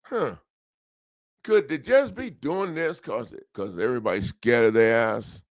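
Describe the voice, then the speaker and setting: Older man, gravelly voice, unhurried, lively pitch, dry close sound, rambling jokey talk. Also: no echo. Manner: joking, rambling, laughs at himself. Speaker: host of a legal self-help show. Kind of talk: casual livestream talk.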